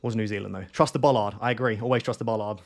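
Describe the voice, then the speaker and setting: A man's voice: on the low side, fairly even intonation, racing. A young man streaming live, rambling and thinking aloud with lots of fillers and self-mocking asides as he guesses places on a map. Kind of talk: casual live-stream commentary while playing a map guessing game.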